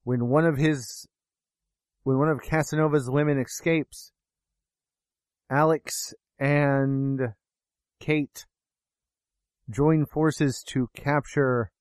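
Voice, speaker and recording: A man's voice: mid-range voice, steady tone, very slow, long pauses, a little mellow, no room sound. A man co-hosting a film review podcast, talking in a jokey, rambling, self-deprecating way. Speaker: podcast co-host reviewing films. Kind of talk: casual chat.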